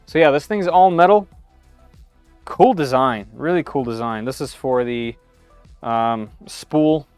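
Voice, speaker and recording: A man's voice: mid-range voice, takes it slowly, darkish tone, clean tone, dry recording, faint music behind. A man giving live-stream commentary while unboxing a machine in his home workshop, thinking aloud with frequent "uh"s and small restarts.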